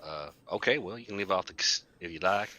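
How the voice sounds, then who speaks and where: A relaxed, wry adventurer, voiced by a man in a tabletop role-play. The voice is very deep yet bright and quick. It comes through a dull, lo-fi microphone. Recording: dull lo-fi mic.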